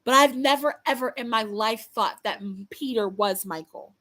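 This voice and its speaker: A woman's voice: a little high, normal speed, pushed and bright. A young woman chatting casually to her livestream viewers, blunt and swearing freely, often restarting her sentences. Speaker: livestream host.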